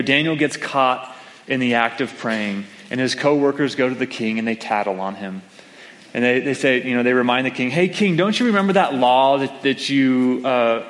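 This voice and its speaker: A man's voice: medium pitch, a bit bright. A male pastor preaching a sermon in a conversational, storytelling way, acting out the quotes of the people in his stories. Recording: long hall reverb.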